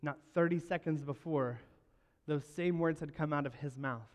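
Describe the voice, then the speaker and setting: A man with a voice that sits a little high delivers a storytelling sermon. He acts out the quoted lines, dropping to a hush and then rising to loud. His words ring out with a long reverb in a large hall. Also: moderate pace. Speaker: pastor.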